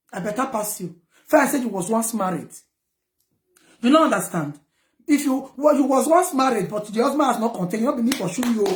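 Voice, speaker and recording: In a reverberant space, a Nigerian woman with a voice on the high side rants heatedly to her viewers in Pidgin English. The vlogger is defiant, scolding those who criticize her.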